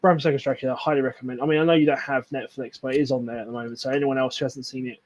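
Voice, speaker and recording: A young man talks in loose, rambling casual chat. He swears freely and gets enthusiastic, his voice sitting at a middling pitch. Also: fairly even intonation, rapid-fire, darkish tone. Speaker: stream co-host.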